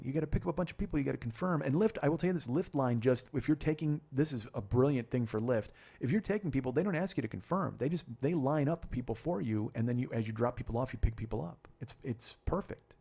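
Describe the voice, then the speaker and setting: A middle-aged man hosting a podcast, telling a long profane story in a rambling, animated way. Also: mid-range voice, quick pace, vocal fry, husky. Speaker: podcast host. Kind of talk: storytelling monologue.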